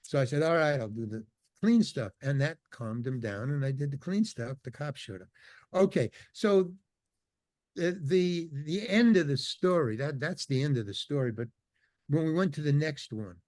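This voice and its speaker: Older male guest, animated storyteller, dry studio sound. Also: on the high side, normal speed, dry recording. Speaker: podcast guest. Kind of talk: casual storytelling interview.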